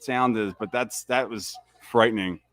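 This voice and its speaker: A man hosting a live movie commentary, riffing excitedly and swearing as he reacts. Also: lowish voice, a little slow, dry recording. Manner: excitable, profane fan riffing.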